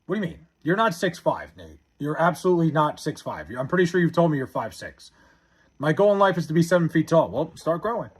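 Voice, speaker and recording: A man's voice: on the high side, sing-song, quick pace, husky. A young man from Long Island, New York, chatting on a live stream and reading viewer comments aloud in a blunt, profane, half-laughing way.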